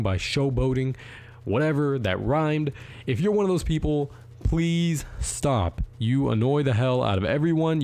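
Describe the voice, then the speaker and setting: A teenage boy talks straight to his viewers in a loose, blunt vlog rant. His voice is mellow and dark, at an ordinary pitch. He repeats his points in an informal way. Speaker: YouTube vlogger. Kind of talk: casual to-camera rant.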